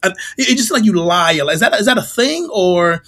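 A man playing a deadpan interviewer in a comedic mock interview, prompting with dry questions. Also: sits high, brisk.

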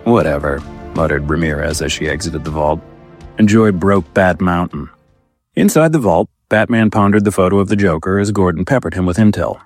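A man giving a deadpan comic narration with a dry, wry delivery and mock-formal wording. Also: low-pitched, a little fast, husky, no echo, faint music behind.

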